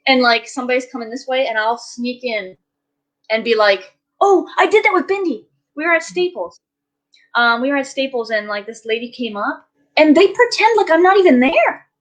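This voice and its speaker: A woman's voice: on the high side, animated, normal speed, rough recording. A woman telling stories in a casual chat, ranting animatedly with lots of fillers.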